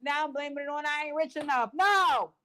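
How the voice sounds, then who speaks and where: A woman's voice: sits high, brisk, sharp tone. A woman in her forties hosting a casual livestream chat, telling stories with lots of profanity and acted-out quotes. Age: 40s. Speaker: livestream gossip host.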